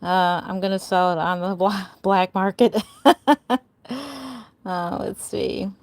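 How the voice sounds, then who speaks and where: A woman's voice: medium pitch, fairly even intonation, slow, vocal fry, darkish tone, no room sound. An older woman chatting on a live stream as a doll artist, greeting viewers by name with a bubbly, giggly manner. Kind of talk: casual live stream chat.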